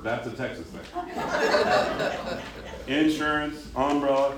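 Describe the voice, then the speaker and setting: A man from Colorado leading a choir rehearsal, chatting quickly between run-throughs and giving instructions to the singers. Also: medium pitch, expressive, a loud crowd. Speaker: choir director. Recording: echoey room with choir music.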